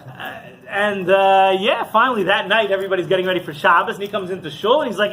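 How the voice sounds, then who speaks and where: A rabbi telling a story in a class, with quick asides and questions to a live audience. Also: male voice, high-pitched, pushed and bright, slight background noise.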